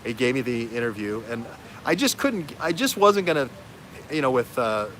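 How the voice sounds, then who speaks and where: A man hosting a livestream as an investigative journalist. He has a bright, forceful voice and talks in an animated way, jumping from thread to thread. There is a faint hiss under the voice. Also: medium pitch, moderate pace. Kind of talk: livestream talk.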